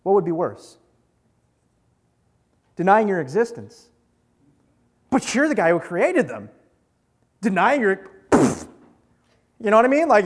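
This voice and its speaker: Young male preacher, high and very animated voice, jokey and conversational with the crowd. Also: a little slow, long pauses. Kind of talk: casual sermon to a live group.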